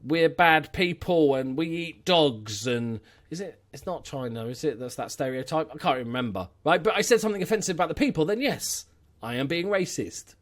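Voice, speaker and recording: A young man casually commentating his game, chatty and opinionated with rambling asides. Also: high-pitched. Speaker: gaming YouTuber. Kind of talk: let's-play commentary.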